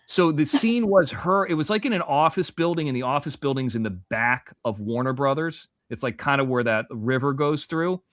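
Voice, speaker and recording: A man in his forties, originally from Florida, telling a long story as a podcast guest, animated and profane, full of restarts and asides. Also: medium pitch, moderate pace, few pauses, dry recording, studio quality.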